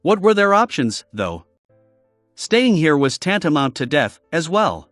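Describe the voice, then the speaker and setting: A man narrating a fantasy web novel in a steady storytelling read. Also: a little high, measured pace, no room sound, clean studio sound, soft background music. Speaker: audiobook narrator. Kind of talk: scripted narration.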